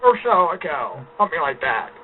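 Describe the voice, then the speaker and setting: High lively wry man, tinny sound. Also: fairly quick, a little hiss or hum. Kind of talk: casual chat.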